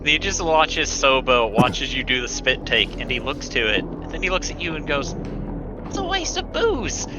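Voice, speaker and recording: A man's voice: mid-range voice, moderate pace, hardly any pauses. A man narrating a tabletop game as game master, laughing often and restarting words, over background music. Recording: dull lo-fi stream audio.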